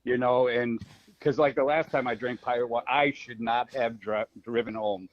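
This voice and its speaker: Man, podcast co-host, mid pitch, rambling, filler-heavy storytelling. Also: steady tone, normal speed, muffled recording. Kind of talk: casual podcast chat over remote call.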